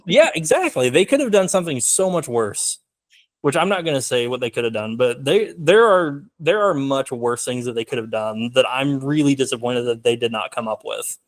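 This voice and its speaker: A man's voice: mid-range voice, expressive, moderate pace. A young man talking casually as a film guest in an interview, rambling with many fillers. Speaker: filmmaker guest.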